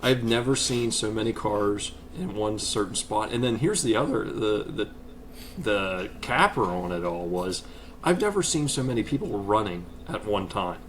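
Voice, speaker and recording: On his casual podcast, the host rambles through long stories in a relaxed, talkative way and laughs along. He has a fairly low, expressive voice at a moderate pace, and there's a bit of hiss or hum in the background.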